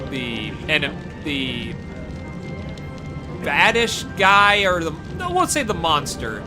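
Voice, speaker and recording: Rambling man chatting over game music. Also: fairly high pitch. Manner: rambling, with frequent fillers and restarts. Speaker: gaming channel host. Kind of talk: casual livestream chat over gameplay. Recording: game music playing behind the voice. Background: game soundtrack music.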